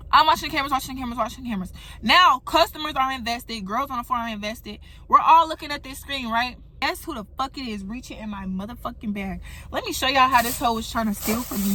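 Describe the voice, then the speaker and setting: A young woman telling a storytime vlog, animated and profane, talking straight to her viewers. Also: high voice, a little fast. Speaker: vlogger. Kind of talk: storytime monologue.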